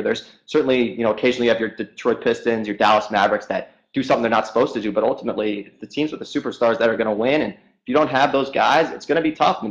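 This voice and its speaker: A man who is a guest sports reporter, talking very quickly in a casual chat and leaning on lots of "I mean"s. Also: fairly low pitch, lo-fi sound. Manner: talks very fast, many "I mean"s.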